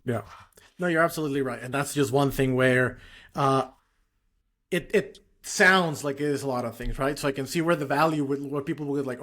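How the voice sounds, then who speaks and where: A man's voice: medium pitch, normal speed, a bit bright. A man hosting a podcast, casually responding to his guest and thanking him as he wraps up. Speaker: podcast host. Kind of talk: casual interview chat.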